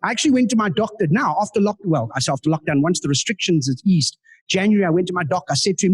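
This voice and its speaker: A man's voice: high voice, animated, rapid-fire, husky. A man doing live stand-up, telling playful self-mocking stories with asides to the audience. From South Africa. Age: 40s. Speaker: comedian and guest speaker. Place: indoor club meeting room.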